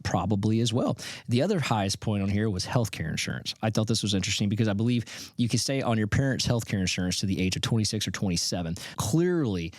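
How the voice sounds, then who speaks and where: A man's voice: fairly low pitch, no room sound, clean studio sound. A middle-aged man hosting a podcast, giving casual, emphatic commentary on survey numbers with frequent restarts. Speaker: podcast host. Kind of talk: solo commentary on survey results.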